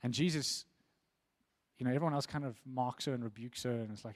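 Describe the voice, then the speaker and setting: A man preaching with earnest conviction, his pitch sitting at an ordinary middle level. He repeats words as he builds toward each point, then drops softer as he invites a response. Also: fairly quick. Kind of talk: sermon.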